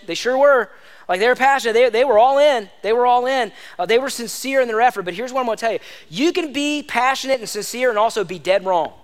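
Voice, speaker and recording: A man preaching a sermon as pastor, emphatic and exhorting, repeating lines for stress. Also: sits high. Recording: long hall reverb.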